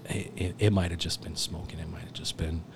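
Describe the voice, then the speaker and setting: A man's voice: low voice, flat delivery, a little fast, a little hiss or hum. A man in his thirties, a firefighter guest telling a story in a loose, profane, rambling way and laughing often. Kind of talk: casual storytelling.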